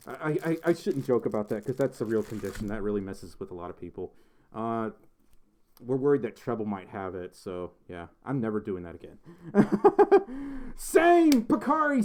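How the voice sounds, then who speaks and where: A young man chatting casually on a livestream as he reads out viewer messages. His voice sits mid-range but bounces around a lot, swinging up high when he laughs. He rambles, restarts and giggles between thoughts. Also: darkish tone, a little hiss or hum. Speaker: livestream host.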